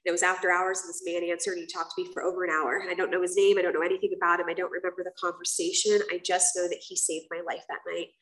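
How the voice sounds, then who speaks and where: A woman speaks candidly to a meeting room, telling her own story in a loose, casual way with plenty of "um" and "like." Her voice sits fairly low and the mic catches her from some distance, so it sounds roomy and echoey. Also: flat delivery, racing, hardly any pauses, fairly bright tone. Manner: casual and candid, frequent fillers and swearing. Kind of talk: personal testimony to a live group.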